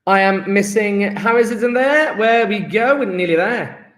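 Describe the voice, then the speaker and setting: A man's voice: high voice, normal speed, a bit bright, echoey room. A man, a chemistry teacher chatting upbeat and jokey with his class as he takes an online register. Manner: upbeat, joking, chatty with students.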